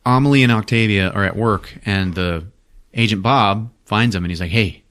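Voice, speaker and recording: A man casually recapping a film for a podcast, swearing often, laughing and acting out quick character bits. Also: on the low side, a bit bright. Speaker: podcast host.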